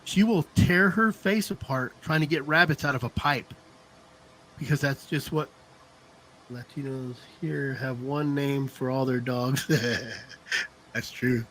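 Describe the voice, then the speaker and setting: A man's voice: mid-range voice, slow pace, a bit bright. A middle-aged man telling rambling stories in casual chat, laughing often and checking in with "you know what I mean". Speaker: podcast co-host.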